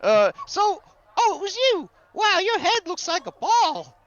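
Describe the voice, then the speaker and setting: A man's voice: extremely high pitch, big pitch swings, unhurried, a bit bright, lo-fi sound, voice pushed up, heavily acted. A man voicing Gus, an eager, chatty and simple-minded young male dinosaur rancher.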